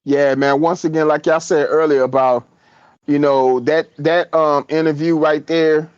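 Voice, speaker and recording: A man's voice: fairly high pitch, fairly even intonation, measured pace, clear, resonant tone, dry recording, highs cut off. A man in a casual podcast chat, talking earnestly and rambling with restarts.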